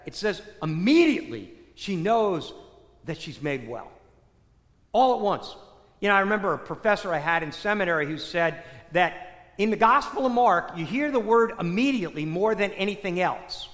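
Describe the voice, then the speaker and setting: Male preacher, high voice, storytelling sermon, rhetorical questions, long hall reverb. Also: sing-song, moderate pace, a bit bright. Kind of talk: sermon retelling a scripture story.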